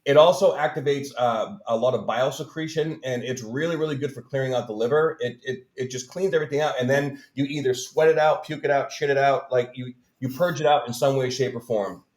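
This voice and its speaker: A man's voice: mid-range voice, a little fast, few pauses. Earnest man explaining in a roomy room. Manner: earnest, explanatory, frequent "right?" and "um". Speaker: guest healer. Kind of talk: casual interview chat. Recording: roomy echo.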